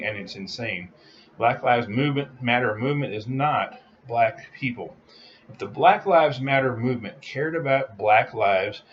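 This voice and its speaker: A man's voice: medium pitch, fairly bright tone, lo-fi sound, slight background noise. A man delivering a heated, repetitive opinion rant as a vlogger.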